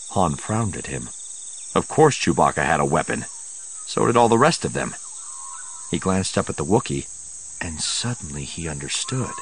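A man narrating an audiobook in a measured storytelling manner. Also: low-pitched, animated, fairly bright tone, slightly rough.

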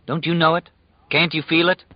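A man's voice: on the high side, level tone, moderate pace, no echo, highs cut off, voice pushed up, close to an everyday voice. A man doing a big sorrowful prisoner. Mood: sorrowful insistent. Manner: sorrowful, insistent.

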